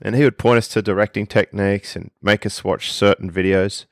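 A man's voice: on the low side, fairly even intonation, fairly quick, dry recording, clean studio sound. A man with an Australian accent, a podcast guest explaining things with enthusiasm in casual conversation.

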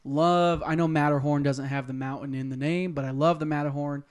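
Young male co-host, eager and chatty, slightly high-pitched. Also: fairly even intonation, fairly quick. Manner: enthusiastic, gushing, lots of fillers. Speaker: podcast co-host. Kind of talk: casual live chat.

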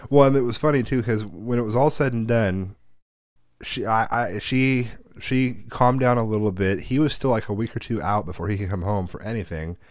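A man's voice: on the low side, normal speed, dry recording, studio quality. A man in his thirties in a casual chat, telling family stories with lots of swearing and acted-out quotes. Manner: profane, animated storyteller who acts out quotes.

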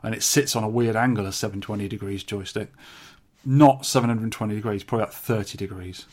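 A man's voice: fairly low pitch, steady tone, fast talker, a little mellow. An English man co-hosting a podcast, rambling in a dry, offhand way about arcade joysticks. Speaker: podcast co-host. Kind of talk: casual chat about arcade hardware.

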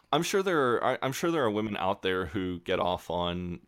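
Man, podcast co-host, low voice, dry close sound, swears a lot. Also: big pitch swings, a little slow, fairly bright tone, clear, resonant tone, no echo. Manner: swears freely, restarts sentences, acts out characters' lines. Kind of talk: casual chat recapping a show.

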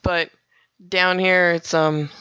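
A woman's voice: lowish voice, little pitch movement, slow pace, fairly bright tone, clear, resonant tone, no room sound, highs cut off. A young woman who works as a radio DJ, from northern Minnesota, chatting casually and giggling as she acts out radio voices. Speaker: radio DJ and podcast guest. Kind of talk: casual interview chat.

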